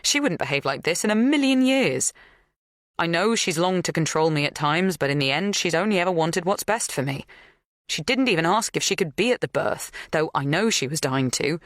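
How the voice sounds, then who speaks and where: A woman reading a first-person suspense audiobook in a tense, measured way. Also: lowish voice, animated, dry recording, studio quality. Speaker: audiobook narrator. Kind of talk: first-person thriller narration.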